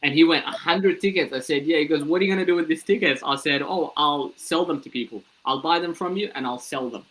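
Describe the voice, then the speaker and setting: A young Australian comedian, a guest in a casual interview, rattles off a story in a slightly high voice, talking fast with few pauses. He's animated, acting out the voices of the people he quotes, and the recording is rough.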